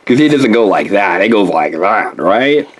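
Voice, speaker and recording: Low-voiced woman, playful toy unboxing. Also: moderate pace, very noisy. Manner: animated, exclaiming over toys, coaxing a child.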